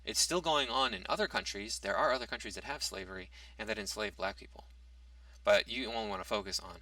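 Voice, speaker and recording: Gravelly, argumentative man talking. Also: fairly low pitch, sharp tone, no echo, far from the mic. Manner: argumentative, reads out a topic then rebuts it; hesitant restarts and fillers. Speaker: commentary vlogger. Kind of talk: casual opinion monologue.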